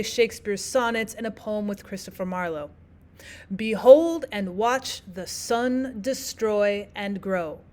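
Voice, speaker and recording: A woman teaching in a clear, measured way. Her voice sits a little on the high side. She reads example lines of verse slowly and deliberately. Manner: clear, measured teaching delivery, slows to read verse aloud. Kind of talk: explaining poetry lesson over slides.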